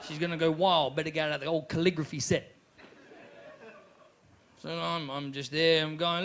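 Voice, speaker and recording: Male comic, animated live stand-up, high pitch, slight room hiss. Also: normal speed, pauses often. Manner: animated, shouting bits in character. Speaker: stand-up comedian.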